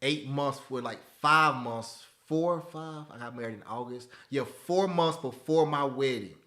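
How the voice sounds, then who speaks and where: A man in his thirties hosting a live webinar, talking in an animated, preachy way that repeats phrases and keeps asking "right?" and "okay?". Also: mid-range voice, unhurried. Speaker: webinar host teaching stock options. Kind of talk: live webinar talk, motivational.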